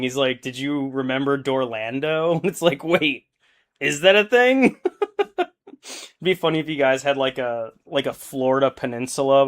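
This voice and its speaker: This medium-pitched young man talks loosely while painting miniatures for a live stream, wandering from thought to thought out loud and laughing readily.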